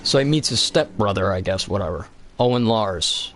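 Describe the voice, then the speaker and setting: A man streaming a game, ranting casually about a film in a rambling, excitable way with lots of swearing, from a home basement. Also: lowish voice, moderate pace, a little hiss or hum. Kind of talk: casual profane movie rant.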